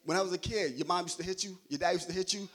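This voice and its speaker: A man's voice: high-pitched, rapid-fire, fairly bright tone, breathy edge. A young adult man preaching a sermon in a loose, joking, conversational way, checking in with "right?" after nearly every point.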